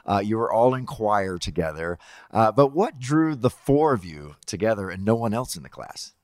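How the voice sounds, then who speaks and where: A man with a Southern accent hosting a casual interview, chatty and quick to laugh. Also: lowish voice, no room sound, clean studio sound. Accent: Southern American. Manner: lively, laughs often, chatty. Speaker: host.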